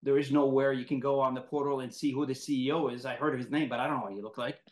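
A man hosting an interview, telling a personal story in a lively, animated way and acting out quotes. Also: medium pitch, rapid-fire, roomy sound. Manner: animated, laughing storyteller who acts out quotes. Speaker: podcast host, moderator. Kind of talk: casual storytelling in conversation.

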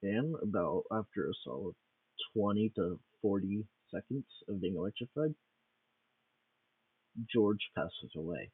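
A man's voice: on the low side, lively intonation, a little slow, long pauses, husky, no echo, distant mic. A man improvising a comic story, rambling along with restarts and fillers, on a tinny phone-like recording.

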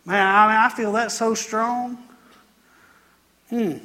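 Male pastor, emphatic repetitive sermon delivery, high voice, echoing sanctuary. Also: steady tone, slow pace, bright, forceful tone. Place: church sanctuary.

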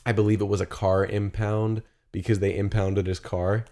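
A man's voice: fairly low pitch, little pitch movement, normal speed, warm tone. A young man co-hosting a podcast, telling crude jokes and stories in casual chat with a Canadian accent. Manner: joking, crude, storytelling. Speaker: podcast co-host.

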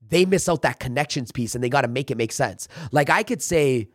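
A man's voice: medium pitch, animated, a little fast, no room sound, studio quality. A man talking as a sales trainer in a casual podcast interview, emphatic and coaching, acting out pep talks. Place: office.

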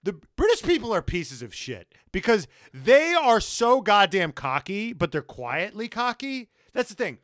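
A young American man co-hosting a casual, profane podcast chat, excitable and fond of mock impressions. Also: high voice, measured pace, few pauses, dry recording, studio quality. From United States. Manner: excitable, swears a lot, mock-posh impressions. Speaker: podcast co-host.

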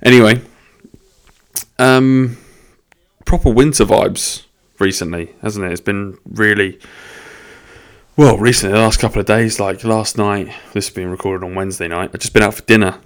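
Rambling, sweary podcast bloke. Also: male voice, lowish voice, steady tone, normal speed. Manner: rambling, self-deprecating, sweary banter. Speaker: podcast host. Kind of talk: rambling solo podcast chat.

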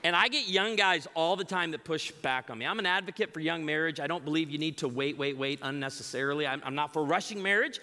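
Speaking fast with hardly any pauses, a middle-aged Chicago-area man preaches a humorous message as a guest speaker in a large church auditorium. He animatedly tells funny stories, voicing the characters, and his bright, fairly high voice rings out with long reverb across the hall.

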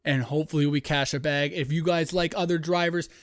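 Hyped, profane betting podcast host. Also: male voice, a little high, fairly even intonation, fairly quick, no echo, clean studio sound. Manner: hyped and profane, breaks into yelling. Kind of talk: excited sports-betting podcast monologue. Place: home studio, dogs nearby. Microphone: close podcast mic.

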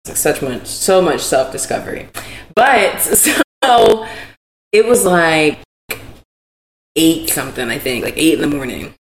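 A podcast co-host with a low, animated voice tells a story a little slowly, peppering it with "like." It's a casual chat recorded in an echoey room with a background hiss.

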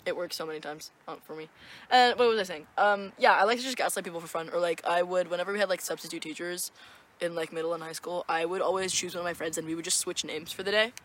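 A woman's voice: on the low side, fairly even intonation, fast talker, a bit bright. A young woman co-hosting a podcast, chatting casually in a rambling, profane way and giggling often. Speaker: podcast co-host. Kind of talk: casual chat.

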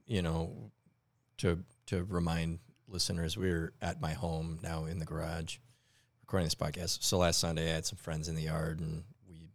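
Male podcast co-host, deep voice, animated storyteller, laughs a lot, dry close sound. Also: normal speed, no room sound. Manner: laughs often, tells stories animatedly. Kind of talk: casual chat. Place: home garage.

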